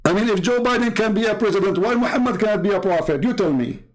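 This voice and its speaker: A man's voice: high-pitched, quick pace. Sarcastic Arabic-native male apologist. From Middle East. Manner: combative, sarcastic, repeats points. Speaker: Christian apologist. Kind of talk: mocking polemic talk.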